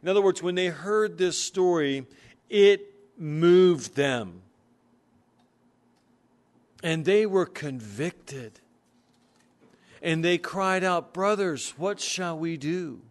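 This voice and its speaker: A man preaching a sermon, earnestly explaining scripture and reading verses slowly. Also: high-pitched. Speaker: pastor.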